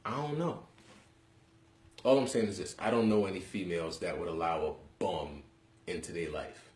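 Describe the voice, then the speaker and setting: A man's voice: sits low, normal speed, a little mellow. A young man from Harlem, hosting a live webcast from home and chatting bluntly with viewers in slang. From Harlem, New York City. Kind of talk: casual live-stream chat. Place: room in his home. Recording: echoey room.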